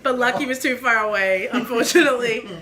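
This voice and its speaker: A woman vlogger with a high, bright voice tells a story in casual chat. She acts out the people she met and laughs along the way. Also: fast.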